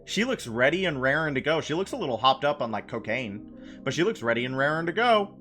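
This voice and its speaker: A man's voice: medium pitch, sing-song, fairly quick, a bit bright, soft background music. A man live-streaming a game, chatting playfully with his chat, laughing and repeating phrases. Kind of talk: casual live-stream chat while gaming.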